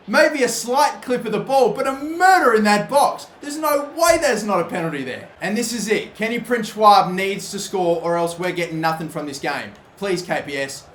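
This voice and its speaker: Excitable swearing young man. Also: sits high, moderate pace, hardly any pauses, reverberant, slight background noise. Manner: swearing, shouting at big moments. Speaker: gaming commentator. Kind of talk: live video game commentary.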